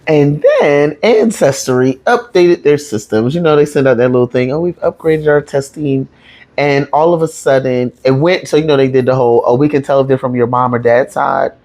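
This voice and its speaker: A woman's voice: a bass voice, darkish tone. A woman comedian telling a personal family story in casual slang, emotional and laughing through tears.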